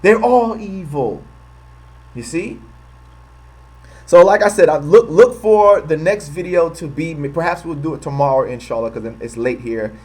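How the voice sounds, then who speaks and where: A man from the United States delivers a heated monologue for his online channel, repeating and restarting phrases as he pushes his point. His voice sits a bit high for a man. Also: normal speed, a little mellow. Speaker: host. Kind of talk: commentary video monologue.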